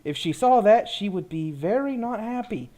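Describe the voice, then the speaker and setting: A careful, calm adventurer voiced by a player murmurs warnings in a low, conspiratorial tone. The voice is quiet and steady, though the pitch still rises and falls widely. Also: normal speed, close to an everyday voice. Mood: cautioning. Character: Bernard, calm cautious adventurer. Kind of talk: tabletop role-play.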